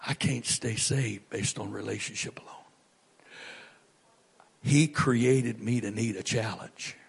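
Gravelly, husky male preacher. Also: slow pace. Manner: preaching with big swings from booming to hushed whispers. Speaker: pastor. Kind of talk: sermon.

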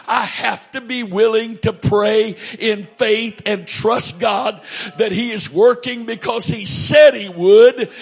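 A middle-aged male pastor preaching a sermon, animated, swinging from loud to hushed. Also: extremely high pitch, creaky, breathy edge.

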